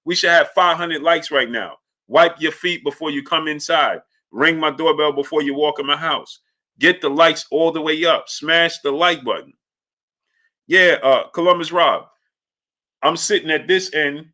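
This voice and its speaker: Casting note: a man with a bright, forceful voice hosting a laid-back sports stream, telling rambling stories and greeting chat viewers. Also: fairly high pitch, normal speed. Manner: loose storytelling, shouting out chat viewers by name. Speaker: livestream sports show host. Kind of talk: casual live-stream chat.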